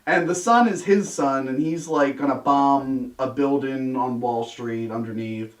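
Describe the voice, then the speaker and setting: A young man hosting a casual movie review chat, sarcastic and animated, swearing freely. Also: medium pitch, unhurried, distant mic. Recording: roomy sound from off-mic.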